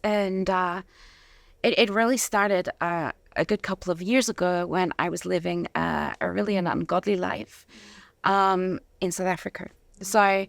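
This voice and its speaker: A middle-aged woman from Zimbabwe, a guest telling her story in a rambling way with many pauses and laughs. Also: mid-range voice, creaky, dry recording. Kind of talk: casual interview chat.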